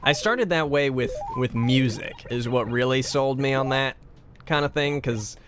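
A man's voice: mid-range voice, unhurried, fairly bright tone, soft background music. A man casually chatting on a livestream, rambling and self-deprecating as he reads and answers chat. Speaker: streamer.

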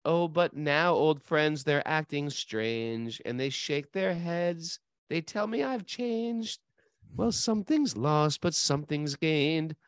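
A man's voice: fairly high pitch, animated, slow, clean tone, dry recording, studio quality. A man co-hosting a casual spiritual talk, telling stories with animation and laughing easily. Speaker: podcast co-host. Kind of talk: casual spiritual chat, reading song lyrics.

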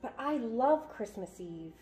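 A woman voicing a jolly, excitable old Santa Claus with a cheerful, booming delivery, in a children's storybook reading. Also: unhurried, a little hiss or hum. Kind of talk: reading a children's book aloud.

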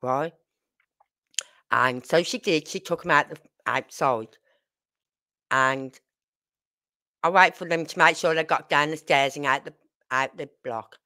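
A middle-aged woman tells stories in a blunt, salty way, talking straight to her viewers. Her voice sits a little low but comes across bright and forceful, and she acts out what people said as she goes. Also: a little slow, long pauses. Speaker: channel host. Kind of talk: casual storytelling to camera.

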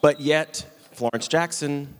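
A man from New York moderating an onstage interview, asking measured questions. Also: fairly high pitch, clean tone. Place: large theater stage. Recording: long hall reverb.

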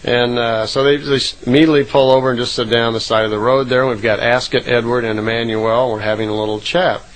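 A man's voice: medium pitch, fairly even intonation, quick pace, poor audio. A man casually retelling a recorded account, rambling with frequent "uh" fillers and self-corrections.

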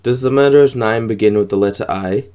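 A man's voice: fairly low pitch, fast, darkish tone, smooth, lightly acted. A man voicing a pompous, devout alien president who pleads solemnly with his god in an audiobook.

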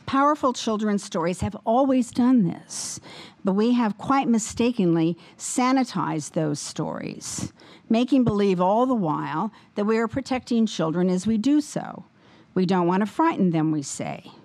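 A woman's voice: medium pitch, a little mellow. Woman with a slightly wobbly voice. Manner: measured, deliberate, with many fillers when answering. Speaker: guest lecturer. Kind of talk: formal lecture, then audience Q&A.

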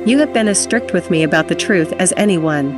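A woman's voice: on the low side, fairly quick, over loud music, lightly acted. A woman reading the part of a young man who answers his father firmly but respectfully. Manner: firm, steady, respectful.

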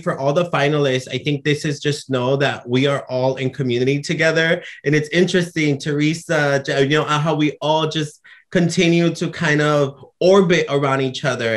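A man presenting at an online ceremony, speaking warmly and effusively with frequent filler words. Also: on the high side. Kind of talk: ceremony announcement.

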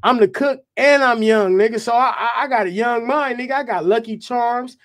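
A man, a guest rapper, telling a profane, animated anecdote in casual talk. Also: extremely high pitch, normal speed. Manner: profane, animated, repeats "you know what I'm saying".

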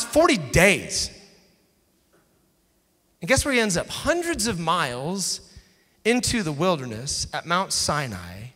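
A man's voice: fairly high pitch, bright, forceful tone, husky. A male pastor preaching a sermon in an emphatic, conversational way, sometimes dropping almost to a whisper. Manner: emphatic, conversational, with dramatic drops to near-whispers. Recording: echoey hall.

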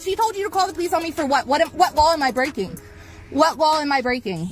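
Very high-pitched woman arguing insistently. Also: fast talker, soft background music. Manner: insistent, repetitive, exasperated. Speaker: driver filming a dispute. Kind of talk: heated argument. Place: in a car, outdoors in a parking lot. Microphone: phone camera.

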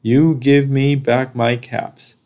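A man voicing an angry cap peddler who scolds monkeys and works up to shouting. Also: medium pitch, flat delivery, slow pace, muffled recording, close to an everyday voice. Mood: scolding.

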